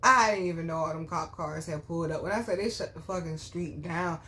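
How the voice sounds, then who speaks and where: A woman vlogger telling her own story to viewers, blunt and full of swearing, dropping to low murmurs and then bursting out loud. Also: fairly quick. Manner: blunt, profane, animated storytelling. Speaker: spiritual reader and vlogger. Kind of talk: candid storytime chat to viewers.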